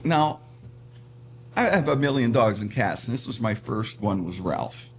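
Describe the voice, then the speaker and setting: Middle-aged male guest, animated storyteller with faint background hum. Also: on the low side, measured pace. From Pittsburgh, USA. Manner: animated, laughs often, acts out voices in his stories. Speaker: comedian and radio personality guest. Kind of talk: casual storytelling interview.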